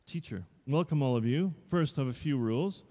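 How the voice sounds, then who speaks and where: A man's voice: mid-range voice, expressive, fairly quick, warm tone, pitched above the performer's own voice. A man reading aloud as a strict, bossy dancing master who barks rules at his pupils. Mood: stern. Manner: stern, commanding, barks rules. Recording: long reverb in a showroom.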